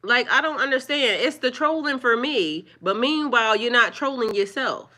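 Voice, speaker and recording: A woman talking live to her viewers, firmly scolding trolls in a preachy, drawn-out way. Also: a little high, animated, pushed and bright. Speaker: livestreamer. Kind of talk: live-stream chat with viewers.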